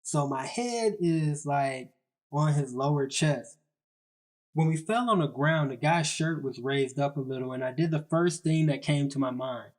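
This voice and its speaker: A young man with a slightly high voice tells a comic story. His delivery is loose and slangy, and he makes fun of himself as he goes. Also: unhurried. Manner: casual, slangy, self-mocking. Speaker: storyteller narrator. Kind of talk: comedic story narration.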